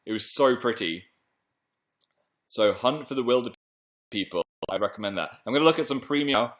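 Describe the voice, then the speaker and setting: A young British man chatting excitedly on a live stream and reading viewer messages aloud. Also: mid-range voice, moderate pace. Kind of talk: casual live stream chat.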